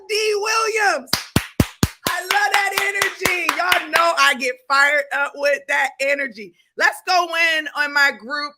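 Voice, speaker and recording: Casting note: high-voiced, bright and forceful woman, an energetic coach hosting a live class, greeting viewers by name. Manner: hypes up the audience, greets viewers by name, repeats key points.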